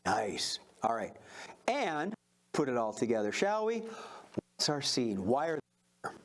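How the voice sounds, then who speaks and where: A man's voice: medium pitch, very animated, a little slow. A man hosting a live improv comedy show on stage, upbeat and chatty as he takes suggestions from the audience.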